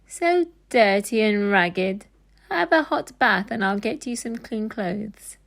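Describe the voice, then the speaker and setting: A woman's voice: medium pitch, lively intonation, slow, creaky. A woman voicing a motherly old housekeeper in a storybook read-aloud, sighing and tender.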